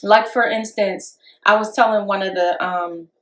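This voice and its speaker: A woman's voice: measured pace, reverberant, poor audio. A woman co-hosting a podcast, chatting casually and acting out quotes as she tells stories. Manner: animated storyteller, acts out quotes with rising pitch. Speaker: podcast co-host. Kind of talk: casual discussion.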